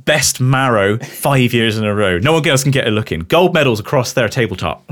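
Young English man, podcast co-host, animated pitch, quick to laugh. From England. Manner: animated, laughs often, jokey. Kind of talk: casual chat.

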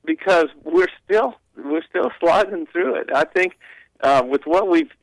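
Man, talk radio regular, opinionated, fairly high pitch, dry mic. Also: lively intonation, a little slow, vocal fry, no room sound, rough recording. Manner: opinionated, mocking quoted voices, rambling restarts. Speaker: radio show regular guest.

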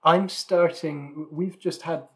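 A man chats casually as a podcast co-host. He is talkative and self-deprecating, often restarting his sentences and filling pauses with ums. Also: a little high, steady tone. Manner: chatty, self-deprecating, frequent restarts and fillers.

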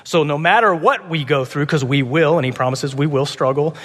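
Pastor, male, fairly high voice, sermon in a big echoing hall, urgent then hushed. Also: brisk. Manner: passionate, swings from loud urgent pleading to soft hushed tones.

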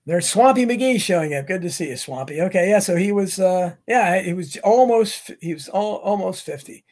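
A middle-aged American man talks casually on his livestream, drifting between viewer comments and stories. His voice is husky and sits a little high for a man. He restarts sentences often and wanders off on asides. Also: animated, normal speed, a little mellow. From United States. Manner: rambling, many restarts and asides. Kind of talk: casual rambling chat.

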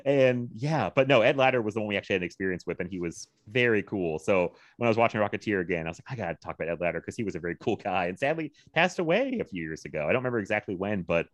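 Man, 30s, from Virginia, low voice, very lively pitch, laughing storyteller, dry close sound. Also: rapid-fire, hardly any pauses, no room sound. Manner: animated storytelling, laughs often, quotes people in lively voices. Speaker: podcast co-host. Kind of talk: casual chat.

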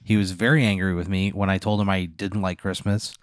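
A man's voice: low voice, level tone, fairly quick, no room sound, clean studio sound. A man playing himself in improvised comedy role-play, swearing a lot and sounding exasperated. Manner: profane and exasperated. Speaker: player.

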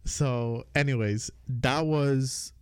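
A man with a Virgin Islands Creole English accent co-hosts a casual podcast. He speaks at an ordinary middle pitch, often stopping and restarting his thoughts. The recording is dry and close to the mic, with no room sound. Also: darkish tone, clean tone, no room sound. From St. Croix, US Virgin Islands. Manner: halting, many restarts and fillers. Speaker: podcast co-host.

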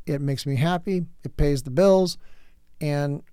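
A man in his late fifties talks through a candid lecture as a podcast host, blunt and earnest, tripping over his words and starting phrases again. His voice sits a little high for a man. The sound is dry and close, with no room around it. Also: measured pace, dark tone, clear, resonant tone, no room sound. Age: late 50s.

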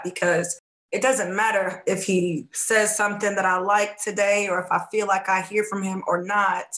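A woman coaching on faith in a casual podcast chat, telling a lively story and acting out the dialogue, sometimes dropping to a hushed voice. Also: mid-range voice. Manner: animated storytelling, acts out quoted dialogue.

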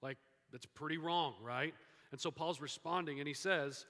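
A man preaches to his church, bright and forceful in tone. He tells the story with dips into hushed lines and lifts into lively emphasis. His voice carries a long reverb from the sanctuary. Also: on the high side, moderate pace. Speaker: pastor. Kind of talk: sermon. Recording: hall reverb.

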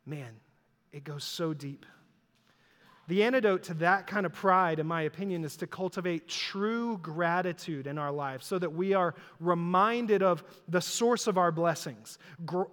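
A man's voice: high-pitched, a little slow, fairly bright tone. Guy preaching in a big echoey hall, chatty storytelling, pokes fun at himself. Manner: conversational storytelling, self-deprecating. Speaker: pastor. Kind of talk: sermon. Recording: long hall reverb.

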